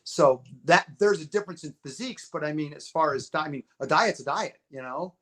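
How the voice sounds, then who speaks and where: A man's voice: on the high side, a little fast, fairly bright tone. A man in his fifties, a podcast guest, telling stories in casual conversation, acting out quotes and repeating words as he goes. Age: 50s. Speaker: podcast guest, bodybuilding promoter. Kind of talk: casual storytelling interview.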